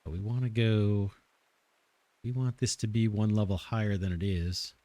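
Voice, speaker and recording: A man's voice: on the low side, moderate pace, warm tone, no echo. A man hosting a let's play, thinking aloud as he builds, his voice a little worn. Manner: thinking aloud, musing and self-correcting. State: slightly losing his voice. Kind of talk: casual gameplay commentary.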